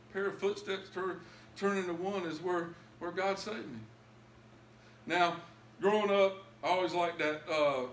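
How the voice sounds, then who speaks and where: A man telling his own story as a testimony in a church, emotional and pleading at its high points. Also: roomy sound, slight background noise. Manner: emotional, rising to pleading highs. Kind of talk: testimony sermon.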